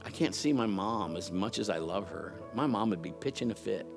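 Animated preacher man. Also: lowish voice, fairly quick, vocal fry, over music. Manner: storytelling with playful mimicry and loud impressions. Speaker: pastor. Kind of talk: sermon.

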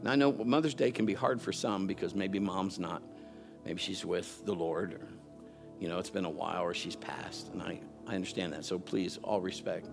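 A man's voice: low-pitched, normal speed, vocal fry, over music. A middle-aged man preaching a sermon, telling family stories with playful mimicry. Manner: storytelling with playful mimicry and loud impressions. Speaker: pastor.

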